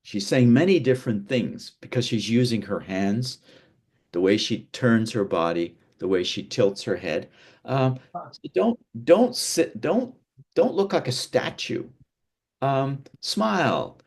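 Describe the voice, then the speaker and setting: A man from North America gives a lesson on presentation skills. His pitch swings widely as he demonstrates emphasis and keeps restarting phrases in an animated, teacherly way. He is seated indoors while he talks. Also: a little slow, breathy edge. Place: seated indoors, away from a window.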